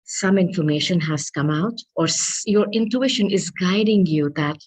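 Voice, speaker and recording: A woman's voice: on the low side, moderate pace, a little mellow, rough recording. A woman giving a tarot reading, speaking earnestly and affectionately to her listeners and calling on angels. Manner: spiritual, invokes angels. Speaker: tarot reader.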